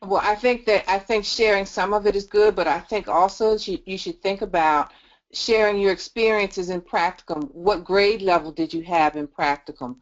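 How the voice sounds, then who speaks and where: A woman's voice: mid-range voice, moderate pace, dull audio. A woman professor giving practical, coaching advice to student teachers in an online meeting. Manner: practical, coaching, gently teasing. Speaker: education professor.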